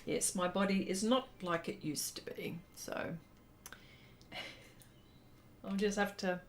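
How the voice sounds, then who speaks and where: A middle-aged woman speaks at an unhurried, easygoing pace, her voice sitting at an ordinary middle pitch. She is an artist hosting a casual livestream while she draws. She reads viewers' comments aloud and answers them, with plenty of ums along the way. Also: fairly even intonation, slight background noise. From lives in Texas. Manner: reads viewer comments aloud and chats back, many fillers.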